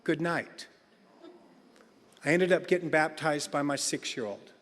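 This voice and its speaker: A man speaking as a recovery meeting speaker, telling a story in an animated, comic, colloquial way. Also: on the high side, brisk. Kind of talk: storytelling talk. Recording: long hall reverb.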